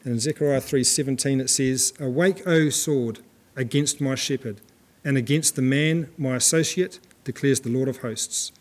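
A man's voice: mid-range voice, fairly even intonation, moderate pace. A man preaching a sermon in a church, reading scripture and talking plainly to the congregation with some fillers and restarts.

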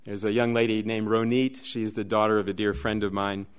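A man preaching a sermon, telling stories in an animated, lively way. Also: on the low side, fairly quick, clear, resonant tone. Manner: animated storyteller, shouts and laughs in the dramatic parts. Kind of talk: sermon with storytelling.

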